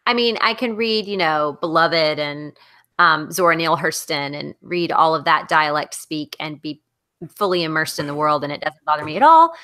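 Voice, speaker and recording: A woman's voice: sits low, lively intonation, moderate pace, pushed and bright. A middle-aged woman with a Southern American accent, chatting casually as a podcast co-host about books, rambling with fillers and restarts. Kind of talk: casual book discussion chat.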